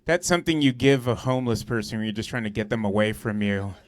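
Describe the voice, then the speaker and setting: A young man works a comedy club stage with a slightly low voice, swearing freely and filling his stories with "like" and "dude". He talks loosely and conversationally into a handheld mic. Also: fairly even intonation, fast talker. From Southern California. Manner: profane, conversational storytelling with lots of "like" and "dude". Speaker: stand-up comedian. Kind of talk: stand-up comedy set.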